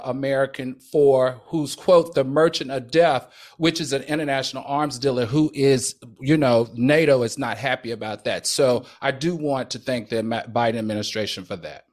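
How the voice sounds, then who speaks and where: A man's voice: mid-range voice, normal speed, few pauses, darkish tone. A man co-hosting a casual news talk show, making his points with emphatic, punchy delivery. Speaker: co-host.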